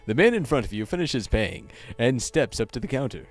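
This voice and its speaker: Homme animé qui lit un jeu à voix haute. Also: male voice, medium pitch, fairly quick, faint music behind. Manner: reads the story text aloud with stumbles and laughs, lively. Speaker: podcast co-host reading a game. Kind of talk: casual let's-play reading aloud. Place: small home recording setup, sharing one mic.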